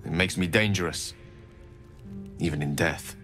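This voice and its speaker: A man's voice: deep voice, a bit bright. An actor playing a brooding undead male warrior companion, speaking solemnly in video game dialogue over music. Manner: solemn, measured.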